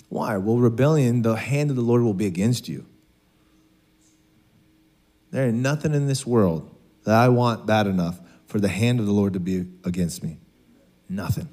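A man's voice: lowish voice, moderate pace, long pauses, mellow. Conversational, joking male preacher. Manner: conversational, joking, acts out dialogue. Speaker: pastor. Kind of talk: sermon.

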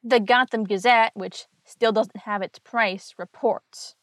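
A woman's voice: a little high, fairly even intonation, takes it slowly, few pauses, dry recording. A woman host casually recapping an old comic book story with wry, chatty asides.

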